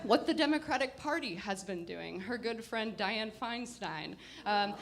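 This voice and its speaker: A woman performing a personal story live, in a slow, unhurried delivery. Her manner is wry and reflective, with halting stops between phrases. Her pitch sits in an ordinary middle range. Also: animated. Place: live performance before an audience.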